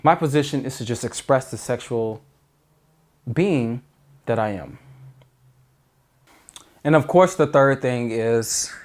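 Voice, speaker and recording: A man's voice: medium pitch, slow, pauses often. A man giving dating advice in an earnest, emphatic monologue, often restarting sentences. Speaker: dating coach.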